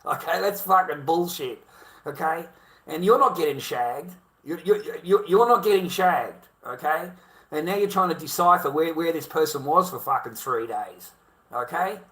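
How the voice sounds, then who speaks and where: A man's voice: fairly high pitch, moderate pace, fairly bright tone. A man with an Australian accent talking casually to camera, blunt and heavily profane, circling back with repeated rhetorical questions.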